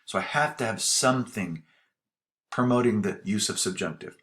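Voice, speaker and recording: Male Spanish teacher, lowish voice, patient explainer for a recorded grammar lesson. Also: animated, moderate pace, fairly bright tone. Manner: explains patiently with spoken examples. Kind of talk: grammar tutorial.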